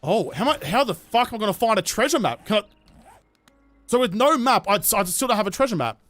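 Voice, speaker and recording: Sweary Australian streamer with a high voice. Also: male voice, very animated, fast talker, fairly bright tone, no room sound. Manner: sweary, sarcastic, rambling banter with chat. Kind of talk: casual gameplay livestream chat.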